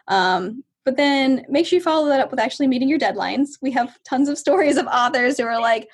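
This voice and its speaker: A woman author as a guest in an interview, chatty, laughing often and acting out quotes in lively asides. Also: sits high, fast talker, hardly any pauses, breathy edge. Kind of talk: casual interview chat.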